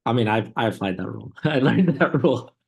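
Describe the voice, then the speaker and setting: A relaxed man chatting casually with a friend, his pitch in the middle for a man. He tells rambling anecdotes and chuckles often, with many short agreeing replies. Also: fast, creaky. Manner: laid-back, laughs often, rambling storyteller. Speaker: co-host. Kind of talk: casual reaction chat.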